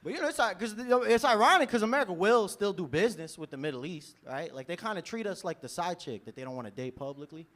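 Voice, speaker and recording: A man's voice: high voice, fast talker, few pauses. A man, doing a stand-up set in a loose, chatty style, laughing at his own jokes. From New York. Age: 20s. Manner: lively, loose delivery, laughs at own jokes, frequent "you know?". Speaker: stand-up comedian. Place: comedy club stage.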